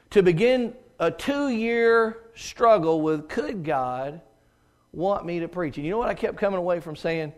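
A middle-aged man preaching a sermon in a church auditorium, swinging from loud exclamations to hushed, near-whispered lines. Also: sits high.

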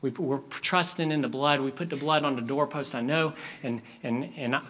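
A man acting out a thoughtful young boy who speaks softly and sincerely to his father during a sermon story. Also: medium pitch, steady tone, moderate pace, lightly acted. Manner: soft, sincere, reflective.

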